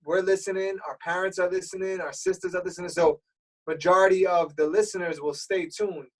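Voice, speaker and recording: Radio DJ guest, male, streetwise and easygoing, slightly raised pitch, heard from a little off the mic. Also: fairly quick. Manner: relaxed, explanatory, streetwise talk. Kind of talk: casual interview chat. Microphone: remote call. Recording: voice a bit far from the mic.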